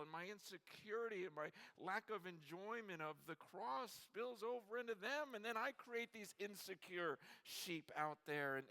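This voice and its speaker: A man preaching a sermon at a conference, earnest and impassioned, building to shouts. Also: high voice, creaky. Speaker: conference speaker.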